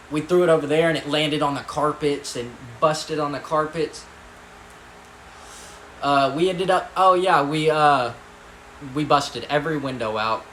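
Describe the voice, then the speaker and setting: A man's voice: a little high, a bit bright. A man casually telling a story about his past, rambling with lots of fillers, swearing and laughing as he goes. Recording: echoey room with faint ambient noise.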